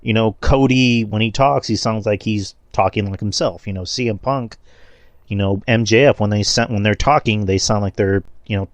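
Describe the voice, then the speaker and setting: Blunt man with a low voice, dry sound. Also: moderate pace, no room sound. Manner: opinionated, blunt, swears casually. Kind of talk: casual podcast chat.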